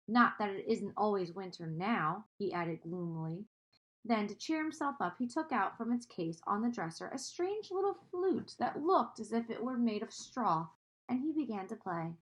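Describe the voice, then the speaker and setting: A woman with a fairly high voice reads a children's book aloud. She stops now and then to gently explain a word or ask her young listeners a question. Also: sing-song, moderate pace. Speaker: storyteller reading to children. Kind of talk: reading a storybook aloud with asides.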